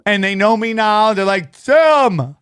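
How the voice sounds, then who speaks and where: A middle-aged man hosting a podcast, loud and rambling as he tells crude comic stories. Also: high-pitched, animated, normal speed, dry recording, studio quality. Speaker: podcast host. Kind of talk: casual comedic chat.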